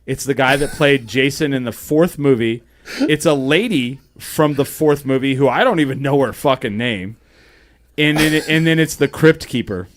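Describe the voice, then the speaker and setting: Animated, profane man telling stories. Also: medium pitch. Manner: quick, run-on delivery with many restarts. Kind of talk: casual chat.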